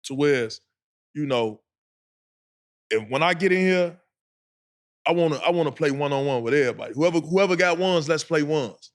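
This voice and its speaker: A man, co-hosting a podcast and telling an animated story full of acted-out quotes. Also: a little high, moderate pace, long pauses. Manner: animated storyteller, acts out quotes, laughs a lot. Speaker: podcast co-host. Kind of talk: casual storytelling.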